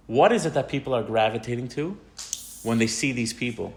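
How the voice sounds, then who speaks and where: A rabbi giving an informal, animated talk to teenagers. He tells a story and often asks the audience questions. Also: medium pitch, a little fast, a little hiss or hum. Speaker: rabbi teaching teens.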